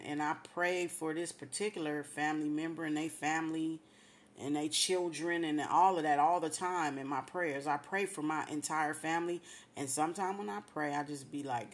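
A woman hosting a radio show, sharing an emotional religious testimony with heartfelt praise and repeated thanks to God. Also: deep voice. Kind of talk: emotional personal testimony on air.

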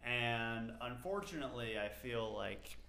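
A man's voice: medium pitch, a little slow, sharp tone. A young man co-hosting a podcast, joking around in casual chat, swearing freely and laughing often. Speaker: podcast co-host.

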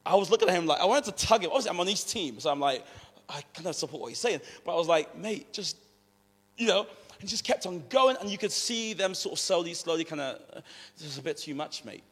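A man's voice: sits high, quick pace. Man preaching in a reverberant hall. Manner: conversational, animated storytelling, acts out quotes. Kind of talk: sermon with personal stories. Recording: long reverb of a large hall.

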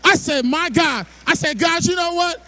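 A middle-aged male pastor preaching a sermon, moving from quiet storytelling to shouted exhortation. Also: very high voice, moderate pace, dry recording.

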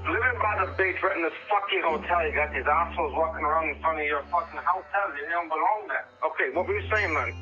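A man's voice: fairly high pitch, quick pace, few pauses, faint music behind, close to an everyday voice. A man voicing a hot-tempered, foul-mouthed male rock musician ranting on a phone call. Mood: angry rant. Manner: ranting, profane, snaps back to calm. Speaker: caller. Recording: muffled phone line.

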